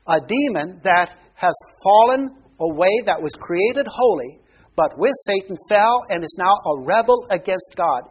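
With a high, husky voice, this man delivers a sermon on the Bible. As a pastor, he explains the verses and asks his listeners questions.

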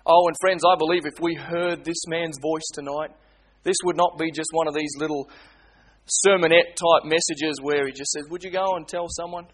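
A man preaching a sermon, swinging between hushed pleading and loud, urgent appeals. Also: a little high, steady tone, normal speed. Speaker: pastor.

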